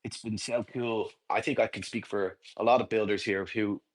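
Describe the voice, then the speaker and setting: A man's voice: on the low side, fairly even intonation, moderate pace. A man on a podcast, a game builder, speaking hesitantly with many fillers. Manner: hesitant, warm, full of fillers. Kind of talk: casual chat.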